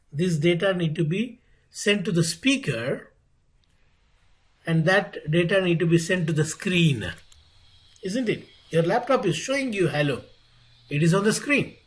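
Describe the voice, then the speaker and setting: A man teaching networking in an online lecture. He speaks deliberately, repeats key phrases and asks rhetorical questions. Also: high voice, husky, rough recording. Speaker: networking instructor.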